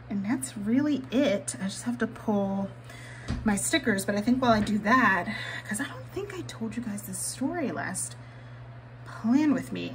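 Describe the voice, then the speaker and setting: A woman's voice: medium pitch, a little hiss or hum, rough recording. A woman vlogger chatting candidly while she decorates her planner, swearing casually and laughing often.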